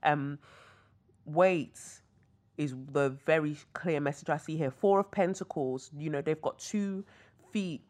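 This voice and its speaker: Her voice sits low and is a little mellow, and she keeps a measured pace. A young British podcast host, she reads tarot in a hotel room while chatting casually and wandering off into asides.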